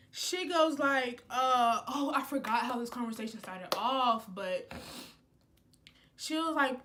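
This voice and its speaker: A young woman vlogger tells a story in a casual, slangy style, swinging between loud outbursts and quiet asides. She takes her time with it.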